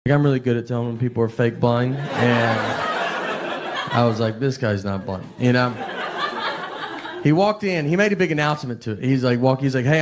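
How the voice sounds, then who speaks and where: A man from Tennessee with a Southern accent, doing stand-up with a low-key, deadpan, rambling delivery. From Nashville, Tennessee. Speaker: stand-up comedian. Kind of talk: stand-up storytelling. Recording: noisy live stand-up recording.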